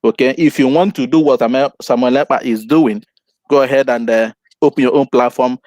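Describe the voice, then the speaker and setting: A man calling in to give advice, talking haltingly with many pauses. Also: mid-range voice, fairly even intonation, a little mellow, no echo. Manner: halting, hesitant, with fillers. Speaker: caller. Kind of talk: call-in advice.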